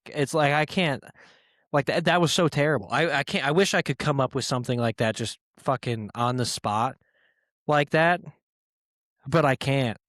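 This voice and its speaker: A man hosting his own podcast, rambling casually with profanity and self-mocking asides, speaking in quick bursts. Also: medium pitch, fairly bright tone, dry recording, studio quality. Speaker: podcast host.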